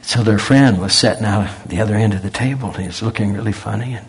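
A male preacher with a low-ish, husky voice talks fast through a folksy sermon. He tells stories conversationally, then rises to emphatic tones to press his points home.

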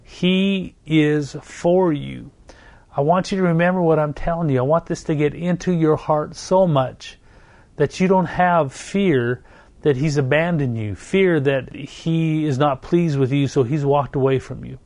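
A man's voice: on the high side, darkish tone, no echo. Earnest middle-aged male pastor, dry sound. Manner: earnest, repetitive, slow emphatic phrasing. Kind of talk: sermon.

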